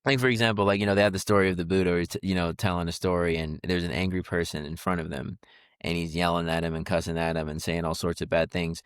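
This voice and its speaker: A man's voice: deep voice, little pitch movement, quick pace, clear, resonant tone, dry recording, clean studio sound. A man co-hosting a podcast, talking in a loose, rambling way with many fillers and restarts. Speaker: podcast co-host. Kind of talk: casual conversation.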